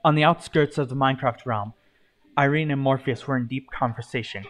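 A man reading his own fan story aloud in a plain, brisk storyteller's delivery. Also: mid-range voice.

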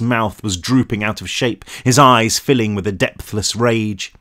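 A man, the author, narrating his own novel aloud in an expressive storytelling manner. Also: lowish voice, unhurried, few pauses. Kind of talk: audiobook narration.

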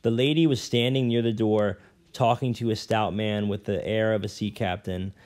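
A man reading a novel aloud at an unhurried pace, now and then stumbling and correcting himself. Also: fairly low pitch, steady tone, a little mellow. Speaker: reader.

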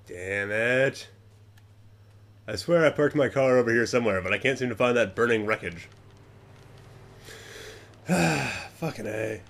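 A young man with a lowish voice gives casual gameplay commentary, swearing often and muttering to himself before yelling at other players.

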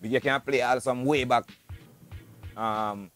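A man's voice: medium pitch, steady tone, a bit bright. A Jamaican man, a music artist, chatting casually in an interview with many restarts and fillers. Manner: fast, loose talk with many restarts.

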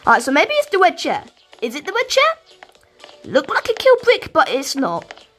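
A British woman giving rambling, excitable let's-play commentary as a gaming YouTuber, talking to her viewers. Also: high-pitched, moderate pace, soft background music.

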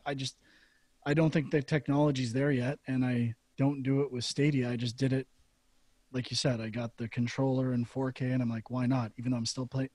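A man's voice: mid-range voice, a little mellow, no echo. A male podcast host talks in a loose, joking way and is blunt about his opinions. His voice sits in the middle range. He is close on a dry mic with no room sound. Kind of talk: casual chat.

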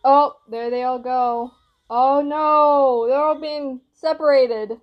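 Excitable woman reacting, high voice. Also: measured pace, muffled recording. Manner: excitable, gushing exclamations; apologetic, rambling asides. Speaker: reaction video host. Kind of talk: casual reaction commentary.

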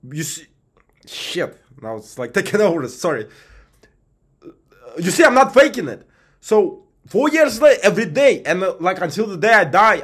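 Earnest high-voiced man rambling about faith. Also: a bit bright. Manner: earnest, rambling preaching with many restarts. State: tearful at times. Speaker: host. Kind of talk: casual monologue.

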